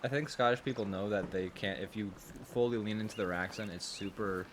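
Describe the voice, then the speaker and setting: A man's voice: on the low side, brisk, a bit bright, slight background noise. A man co-hosting a let's play, chatting playfully as he plays along. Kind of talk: casual chat while reading game dialogue.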